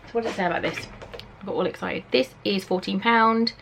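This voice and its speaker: An excitable young Englishwoman from Norfolk talks through a beauty box at home, gushing over each item and reading the packaging aloud. Her pitch sits mid-range for a woman, with a faint background hum in the room. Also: fairly quick, gravelly. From Norfolk, England. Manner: chatty and excitable, reads product blurbs aloud. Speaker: beauty vlogger. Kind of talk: casual unboxing chat. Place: at home, indoors.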